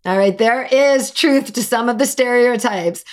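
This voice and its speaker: A woman from New Jersey with a raspy voice and a New Jersey accent, hosting her podcast in an emphatic, lively way with lots of fillers. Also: on the high side, unhurried, faint music behind. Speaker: podcast host. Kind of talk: scripted podcast talk.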